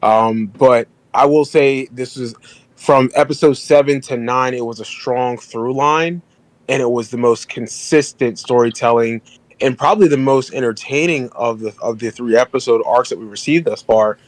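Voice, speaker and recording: Measured man weighing in on a podcast. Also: mid-range voice, no echo, poor audio. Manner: measured and hedging. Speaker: podcast co-host. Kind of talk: casual podcast discussion.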